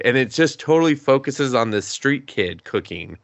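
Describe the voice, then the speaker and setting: A man co-hosting a podcast, casually recapping an anime plot with quick voiced quotes and some swearing. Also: mid-range voice, no room sound. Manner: animated retelling with quick voiced quotes and laughs. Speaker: podcast co-host.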